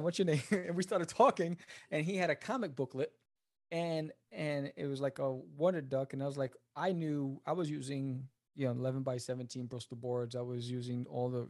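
Animated New man telling stories. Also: vocal fry. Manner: animated, acts out quoted people in a higher voice. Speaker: interview guest, comic creator. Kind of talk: casual storytelling interview.

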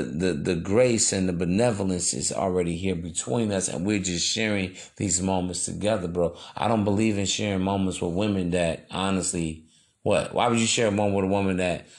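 A man hosting a podcast, talking in a loose, slangy, preachy monologue. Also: deep voice. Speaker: podcast host. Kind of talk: casual monologue.

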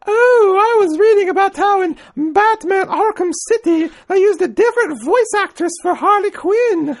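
A man voicing a gushing old-lady cook in a shrill, warbling falsetto that is over the top. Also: normal speed.

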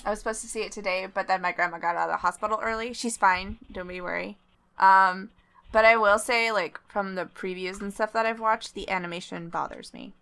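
A woman talking on a casual gaming podcast in a bright, clear voice. She rambles in a chatty way, full of "likes" and "ums.". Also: medium pitch, steady tone, a little fast. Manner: chatty, lots of fillers and likes. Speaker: podcast co-host. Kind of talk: casual chat.

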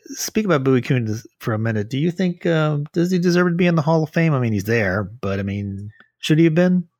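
A man's voice: on the high side, lively intonation, a little fast, a little mellow, no room sound, clean studio sound. A man hosting an interview, asking questions in a conversational, curious way. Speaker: interviewer host.

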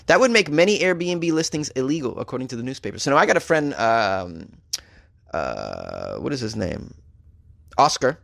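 A man's voice: medium pitch, vocal fry, a bit bright, no room sound, studio quality. A man from Boston with a Boston accent, hosting comedic news commentary, sarcastic and laughing between jokes. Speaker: host.

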